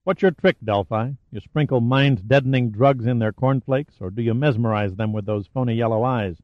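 A man's voice: mid-range voice, normal speed, no room sound, dull audio, close to an everyday voice. A man voicing a defiant adventurer who taunts and mocks his captor with sarcasm. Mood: taunting.

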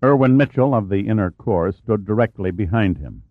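A man narrating a scripted audiobook in a steady, dramatic way, on a tinny, dry recording. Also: lowish voice, normal speed, no room sound. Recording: tinny phone-like sound, dry.

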